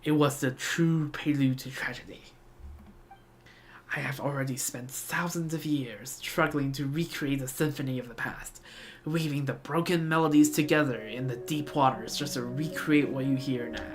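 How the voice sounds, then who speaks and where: A woman's voice: a bass voice, moderate pace. A woman voicing a haughty, ancient male villain in a mildly posh, pompous tone for a game read-along. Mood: grandiose.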